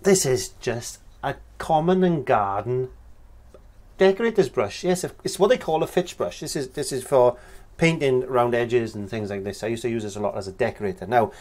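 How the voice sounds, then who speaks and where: A man's voice: mid-range voice, moderate pace. Chatty man teaching painting. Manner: relaxed, chatty, talks while working. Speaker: painting instructor. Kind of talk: painting tutorial narration.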